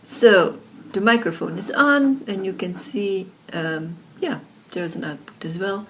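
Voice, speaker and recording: A woman explaining audio software in a casual tutorial, recorded on her laptop's built-in microphone, chatty with lots of fillers. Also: mid-range voice, measured pace, a little hiss or hum. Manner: chatty, many fillers like "like" and "you know".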